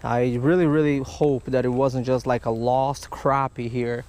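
A man's voice: mid-range voice, little pitch movement, a little slow, a little mellow. A man vlogging a fishing trip outdoors by a canal, explaining as he goes in a chatty way and checking in with "right?". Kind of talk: outdoor fishing vlog narration. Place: outdoors by a canal and creek on a hot day.

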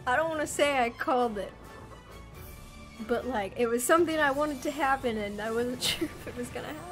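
A woman streaming a live reaction to a game showcase, gushing and squealing, swinging from shouts to hushed whispers. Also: high-pitched, brisk, soft background music. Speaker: gaming content creator. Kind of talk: excited live reaction commentary.

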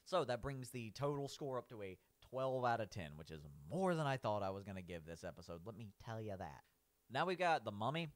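A man's voice: mid-range voice, very animated, brisk. A man giving casual, rambling commentary as he rates cartoon villains. He keeps saying "like", restarts his sentences and laughs at his own points.

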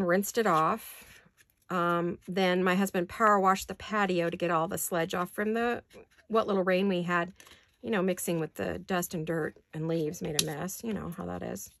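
A woman's voice: lowish voice, gravelly, no echo. An older woman chatting casually while doing paper crafts at her desk, rambling with apologetic asides. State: hiccups.

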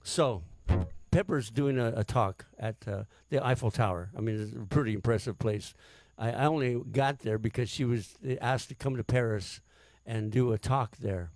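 A man's voice: mid-range voice, normal speed, darkish tone, no room sound. A man, a singer-songwriter, telling a story between songs in a rambling, hesitant way with many fillers.

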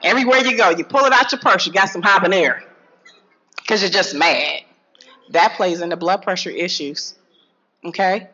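A woman giving a lively health talk to an audience, swinging from low asides to loud calls. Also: normal speed, long pauses, slightly rough. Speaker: health speaker addressing an audience. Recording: dull lo-fi sound.

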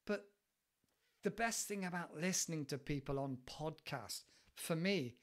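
Rambling podcast host, a man. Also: high voice. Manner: rambling, animated, lots of repeated words. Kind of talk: casual English-learning podcast talk. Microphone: studio microphone with headphones.

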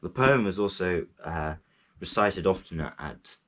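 Very low-voiced man, slow halting talk. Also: expressive, a bit bright. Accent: English speaker's accent in French. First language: English. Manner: halting, many fillers and restarts. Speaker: language learner reciting poetry. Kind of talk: casual talk to camera.

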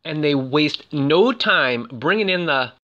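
A man's voice: fairly high pitch, expressive, takes it slowly, a bit bright, highs cut off. A man giving casual, playful commentary over film clips, full of fillers and cheeky asides. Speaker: film reviewer.

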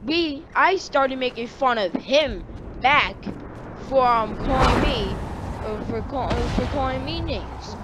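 Slow-talking rambling teen boy. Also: extremely high pitch, very noisy. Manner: rambling, full of fillers and self-corrections. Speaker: storyteller. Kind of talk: casual story time.

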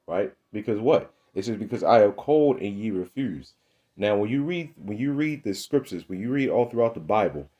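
A man's voice: fairly low pitch, mellow. A man preaching an informal sermon, fiery and rhetorical, constantly checking in with "right?" and "man.". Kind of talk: informal street-style sermon.

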